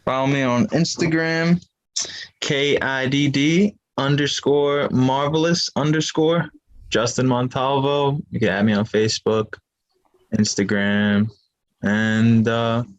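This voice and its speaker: A man's voice: mid-range voice, steady tone, slow pace, muffled recording. Laid-back man, a guest fighter. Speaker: guest, boxer. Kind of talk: casual chat.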